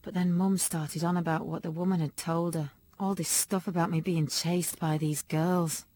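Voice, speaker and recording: A woman's voice: lowish voice, level tone, normal speed, warm tone, no room sound. A woman reading a first-person children's story aloud expressively. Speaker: audiobook narrator.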